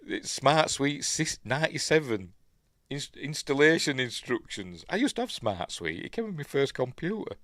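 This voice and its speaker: Rambling middle-aged Yorkshire man, lively voice. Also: medium pitch, moderate pace, dry recording, studio quality. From Yorkshire, England. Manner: rambling, muttering asides to himself, wondering aloud. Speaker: film review host. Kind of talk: casual film breakdown commentary.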